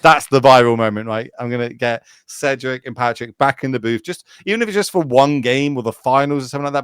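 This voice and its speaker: A man who works as a Magic tournament caster guests on a podcast, spinning quick, rambling, casual stories full of swearing. His voice is medium-pitched and smooth, recorded at studio quality with no echo.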